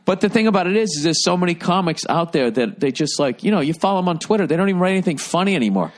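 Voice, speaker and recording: A middle-aged man with a slightly raised pitch co-hosts a casual podcast. He rants in a profane, animated way, swearing freely and getting worked up as he goes. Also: very fast. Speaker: podcast co-host. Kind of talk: casual chat.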